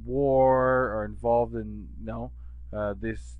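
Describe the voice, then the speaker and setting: A man teaching an English class in a relaxed, chatty way, often checking in with his listener. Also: medium pitch, takes it slowly, clean tone, no room sound, phone-quality sound. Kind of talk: conversational English lesson.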